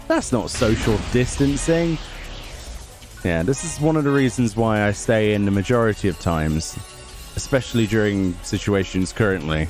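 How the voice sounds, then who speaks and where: A man's voice: fairly low pitch, moderate pace, a little mellow. A man giving casual let's play commentary, grumbling and sarcastic as he plays. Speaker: gaming YouTuber. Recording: game music playing under the voice. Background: game music.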